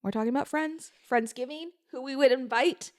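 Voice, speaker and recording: A woman's voice: high voice, fairly quick, darkish tone. A young adult woman co-hosting a podcast in casual, playful banter. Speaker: podcast co-host. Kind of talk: casual chat.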